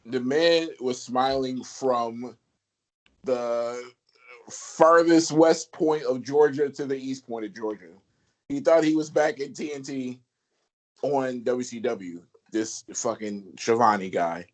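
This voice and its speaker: A man's voice: medium pitch, takes it slowly, rough recording. A man co-hosting a podcast, joking and laughing in casual wrestling chat. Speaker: podcast co-host.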